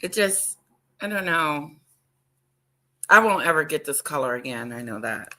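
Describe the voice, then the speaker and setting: Loud, excitable woman hosting a livestream. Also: medium pitch, a little slow, long pauses. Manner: loud and excitable, greets viewers by name. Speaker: livestream host. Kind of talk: casual livestream chat.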